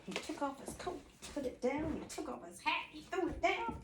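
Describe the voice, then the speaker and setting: A woman telling an oral folk tale in an animated, singsong way, repeating phrases rhythmically. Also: high voice, measured pace, few pauses, slight background noise. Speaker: storyteller. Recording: echoey room, distant mic.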